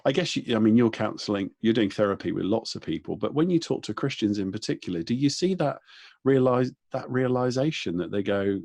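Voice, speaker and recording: A man hosting an interview, rambling through an anecdote as he works his way to a question. His voice is low and a little husky, recorded dry and close. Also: lively intonation, fairly quick, a little mellow, no echo. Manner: rambling, thinks aloud before landing on a question. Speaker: interview host. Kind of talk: conversational interview.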